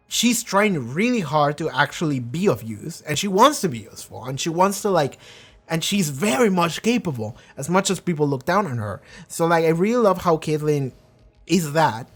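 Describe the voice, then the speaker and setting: A man with a somewhat high voice, rambling through casual reaction commentary on a show. He swears freely and slips into quick impressions of the characters. It sounds unscripted and loose. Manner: rambling, profane, acts out characters' lines. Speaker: reaction video host.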